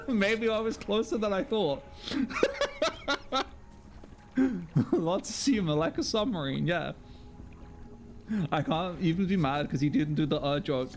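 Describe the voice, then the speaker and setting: A man's voice: high-pitched, very animated, slow, long pauses, slight background noise. A man streaming a game live, joking, swearing freely and laughing often. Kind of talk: live gameplay commentary.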